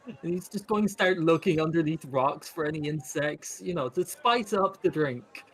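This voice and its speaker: A man's voice: fairly high pitch, moderate pace, a bit bright, slightly rough. A man playing a tabletop game, speaking hesitantly and goofily in character. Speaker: player.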